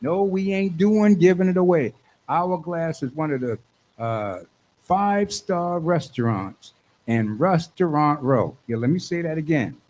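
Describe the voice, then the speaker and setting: Excitable New radio host, man. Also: fairly high pitch, unhurried, rough recording. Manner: excitable, repeats phrases for emphasis. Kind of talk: hyped radio show hosting. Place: radio studio.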